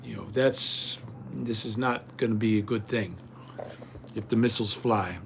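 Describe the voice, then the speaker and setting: A man's voice: on the low side, steady tone, a little slow, vocal fry, slight background noise. An older man hosting a livestream, ranting indignantly and rambling straight at his viewers. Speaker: livestream host. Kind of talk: casual rant to viewers.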